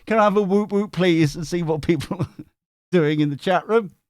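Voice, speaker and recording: A man's voice: high voice, moderate pace, no room sound, clean studio sound. A man hosting a tarot livestream, bantering playfully with his chat.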